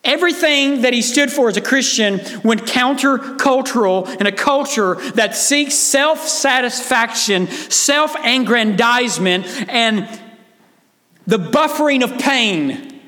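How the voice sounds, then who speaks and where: A man's voice: very high voice, lively intonation, measured pace, pushed and bright, long reverb tail. A man preaching a sermon as pastor, earnest and emphatic, appealing directly to his listeners.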